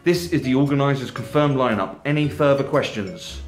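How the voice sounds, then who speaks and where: A man voicing a brisk, bossy woman who organises a festival, reading a comedy novel aloud in an echoey room. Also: mid-range voice, faint music behind, natural voice. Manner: brisk, commanding, raised voice.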